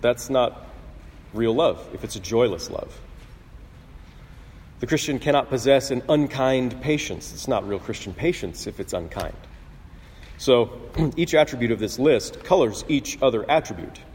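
A man preaching a sermon in an earnest, conversational way, often clearing his throat and restarting phrases. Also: mid-range voice, animated, unhurried, a little mellow, slight background noise. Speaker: pastor. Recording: husky voice in a long-reverb hall.

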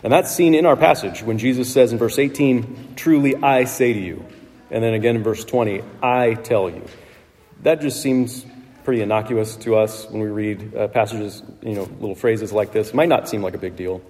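A man preaching a sermon in a relaxed, conversational way, with asides to the congregation. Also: lowish voice, normal speed. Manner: conversational, with asides and light laughs. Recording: long reverb of a large hall.

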